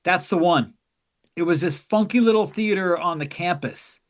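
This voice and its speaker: A man chatting casually as a podcast guest, telling animated road stories, acting out other people's voices and swearing freely. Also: sits high, normal speed. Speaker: guest, tour crew member. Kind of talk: casual chat.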